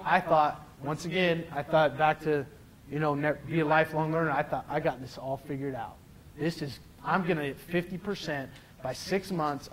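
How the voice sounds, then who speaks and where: A man's voice: a little high, slight background noise, low-quality recording. A man speaking as a guest to a live group, giving an earnest, emphatic motivational talk full of restarts and direct questions to the audience. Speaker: guest speaker addressing a weight-loss group.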